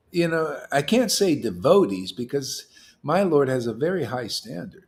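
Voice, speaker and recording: A male spiritual teacher preaching informally to his devotees, his pitch swinging up and down with lively force. He talks in a challenging, colloquial way and repeats words to drive his points home. His voice sits in a middle pitch for a man. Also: measured pace. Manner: animated, emphatic, challenging, colloquial.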